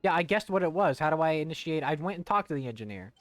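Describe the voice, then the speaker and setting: A man's voice: on the high side, lively intonation, fast, fairly bright tone, dry recording, soft background music. A young man chatting loosely while playing a video game on stream, joking and rambling. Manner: rambling and jokey, breaking into silly voices. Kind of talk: casual let's-play commentary.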